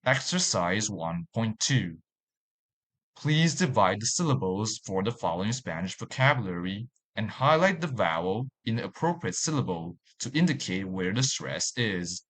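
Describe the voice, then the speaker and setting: A man narrating a language lesson in a slow, deliberate way, repeating each example word. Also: lowish voice, very animated, fairly bright tone. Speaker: language teacher.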